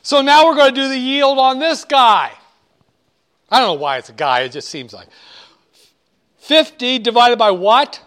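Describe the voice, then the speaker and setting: A man's voice: very high-pitched, animated, moderate pace, pauses often, fairly bright tone. A man lecturing a class on finance, joking and wandering off topic, hammering key points. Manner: joking, digressive, emphatic.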